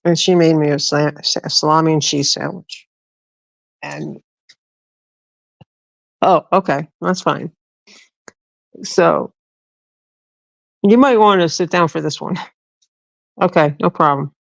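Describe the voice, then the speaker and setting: A woman's voice: sits low, takes it slowly, gravelly, pauses often, dry recording, poor audio. A middle-aged woman hosting a livestream, telling a rambling story casually to her viewers, swearing freely and often restarting her sentences. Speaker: livestream host.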